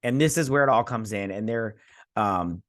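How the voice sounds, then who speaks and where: A man's voice: lowish voice, moderate pace, dry recording, studio quality. A man casually recapping a TV episode as a reviewer, rambling with many fillers and restarts and acting out characters' lines. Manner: animated, acts out characters' lines. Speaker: TV show reviewer.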